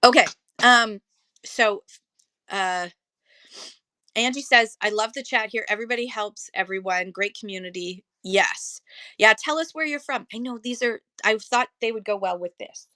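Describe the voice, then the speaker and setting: Bright-voiced woman chatting on a live stream. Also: a little high, moderate pace, dry recording. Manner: chatty, reads viewer comments aloud, many fillers. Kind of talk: casual live-stream chat.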